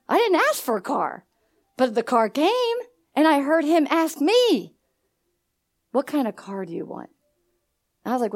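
Woman pastor, high voice, call-and-response sermon with personal stories. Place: church hall.

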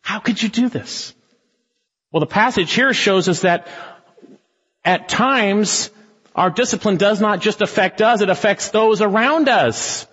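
A man's voice: high voice, unhurried, a bit bright, husky, in a large hall, lo-fi sound. A man preaching an expository sermon, emphatic and dramatic as he walks through a passage. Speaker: pastor.

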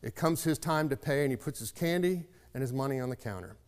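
A man's voice: mid-range voice, expressive, fast, big-room sound. A man giving a sermon, telling a folksy story in a reflective, conversational way. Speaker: preacher.

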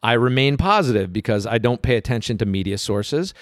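Animated, lively male podcast co-host. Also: mid-range voice, fairly quick, no room sound, clean studio sound. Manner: animated, playful, jokes around. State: speedy after caffeine. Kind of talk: casual podcast chat.

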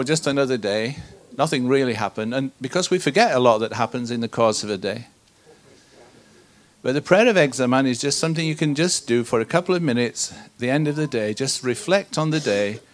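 A man preaching a sermon to a congregation, teaching in an earnest, conversational way with rhetorical questions. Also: medium pitch.

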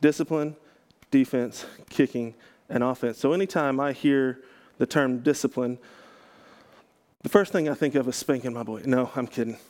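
A man's voice: mid-range voice, steady tone, normal speed, darkish tone. A man from Texas, a pastor, giving a casual teaching talk to a group, chatty and self-correcting, with joking asides.

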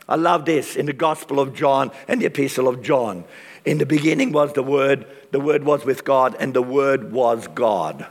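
A man preaching a sermon with passion and dramatic pauses, his voice strained from use. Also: medium pitch. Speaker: pastor. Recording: long reverb of a large hall.

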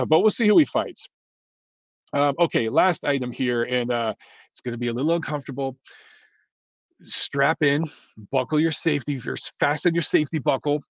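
A man's voice: a little high, normal speed, pauses often, no room sound. Blunt, rambling man talking boxing. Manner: blunt, rambling, frequent fillers and restarts. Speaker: boxing commentator. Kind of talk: casual opinion monologue. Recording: dull lo-fi dry sound.

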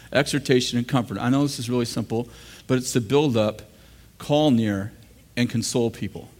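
A man's voice: a little high, vocal fry. An American man preaching a sermon in a church, joking with the congregation and laughing at his own lines. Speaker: pastor. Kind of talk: sermon teaching.

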